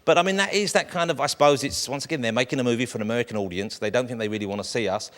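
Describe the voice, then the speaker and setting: A middle-aged man, a talk show guest riffing through quick, rambling comic banter. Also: mid-range voice. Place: TV studio with live audience. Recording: loud studio audience laughter and noise.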